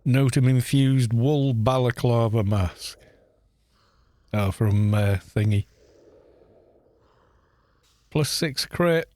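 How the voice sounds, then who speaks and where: A man's voice: medium pitch, drawn-out words, pauses often, mellow, no room sound. A man with a Welsh accent from Wales, chatting casually and rambling with joking asides while streaming a game. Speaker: gaming streamer. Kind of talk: casual live-stream chat.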